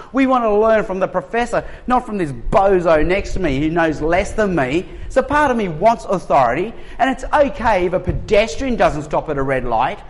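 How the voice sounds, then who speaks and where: A high-voiced Australian man in his forties delivers a sermon with lively, humorous energy. He jokes with the congregation and acts out the voices in his stories. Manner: animated, humorous storytelling. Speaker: pastor.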